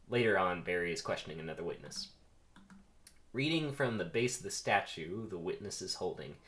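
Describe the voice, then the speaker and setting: A man's voice: deep voice, animated, fairly quick, fairly bright tone. Amused man reading a screenplay aloud. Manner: amused, offhand asides. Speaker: content creator. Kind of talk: comedic script reading.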